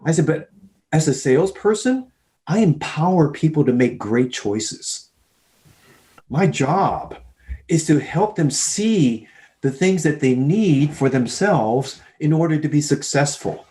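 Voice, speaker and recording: Man telling animated sales stories. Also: fairly high pitch, slow pace. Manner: animated storyteller, acts out both sides of dialogues. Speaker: podcast guest, sales leader. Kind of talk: storytelling in a podcast interview.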